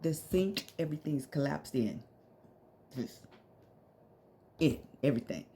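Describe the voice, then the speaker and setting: Gravelly, animated middle-aged woman storyteller. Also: low voice, unhurried, slight background noise. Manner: animated, laughs often, slangy. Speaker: vlogger telling a story. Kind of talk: casual storytelling.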